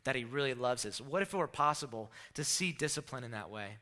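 Male preacher, young adult, bright voice, lively storyteller who acts out quotes. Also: mid-range voice, a little fast. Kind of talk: sermon storytelling.

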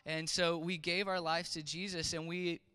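A man preaching, retelling a story with halting restarts and fillers, as in a sermon. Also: fairly high pitch, little pitch movement, bright, forceful tone, smooth, soft background music. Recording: long reverb of a large hall.

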